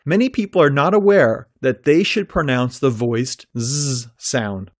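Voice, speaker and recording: A man teaches pronunciation in a calm, unhurried, scripted voice of middle pitch. He draws out each example sound with care. The recording is dry and close, with no room sound. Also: dry recording. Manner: slow, careful, stretching out example sounds. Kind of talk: scripted instructional narration.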